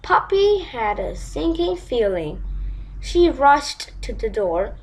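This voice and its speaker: A woman reading a children's storybook aloud in a slow, expressive way. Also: high voice, breathy edge, rough recording.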